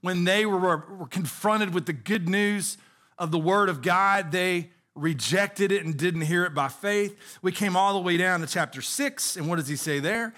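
A man's voice: fairly high pitch, moderate pace, fairly bright tone. A middle-aged man preaching a sermon as pastor, earnest, asking the congregation rhetorical questions.

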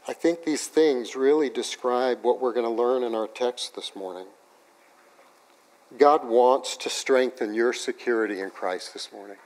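A man preaching a sermon, telling a personal story in an animated way that swings from loud to hushed, in a church. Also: mid-range voice, a little slow. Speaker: pastor.

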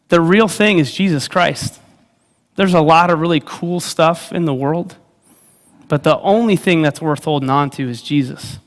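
A man in his thirties giving a casual sermon, conversational and animated, acting out voices as he tells a story. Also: fairly high pitch. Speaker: youth ministry leader preaching. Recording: long hall reverb.

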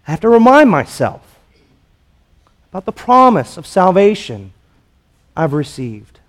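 A man delivering a sermon from the pulpit, his voice sitting high for a man. He takes his time, unhurried and measured, and keeps asking the congregation rhetorical questions. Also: very animated. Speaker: pastor.

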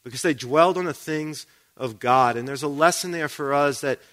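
A man's voice: on the high side, moderate pace, fairly bright tone. A man preaching a sermon in a conversational way, often checking in with the congregation with questions.

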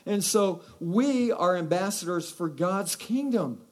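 A man preaching a sermon from Texas, animated and exhorting, asking the congregation rhetorical questions. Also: high-pitched, takes it slowly. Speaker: pastor.

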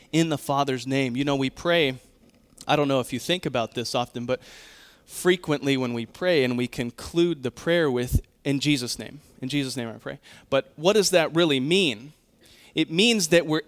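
A male pastor delivers a sermon in an earnest, emphatic way, frequently quoting scripture and stopping to correct himself. His voice is a little high and somewhat bright.

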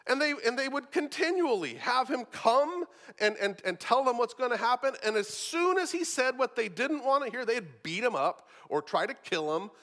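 A man's voice: very high voice, animated, moderate pace, fairly bright tone, in a large hall. A male pastor preaching a sermon, talking casually and often repeating words as he starts a thought.

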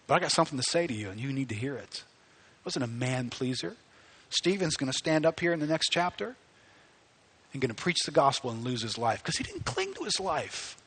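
Bright, husky-voiced male preacher. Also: fairly high pitch. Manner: animated preaching, rising to near-shouts. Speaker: pastor. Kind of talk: sermon.

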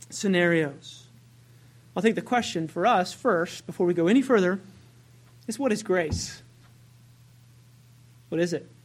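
A woman with a medium-pitched voice delivers a sermon conversationally, putting questions to the congregation and correcting herself along the way.

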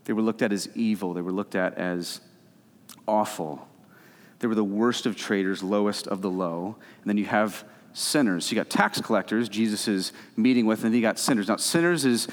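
A man preaching a sermon as pastor, animated and emphatic, swinging between loud stretches and soft, low ones. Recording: reverberant hall.

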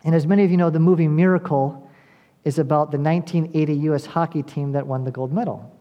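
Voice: medium pitch, steady tone, quick pace, lo-fi sound. A pastor preaching a sermon, earnestly addressing the congregation directly and building to emphatic, repeated appeals.

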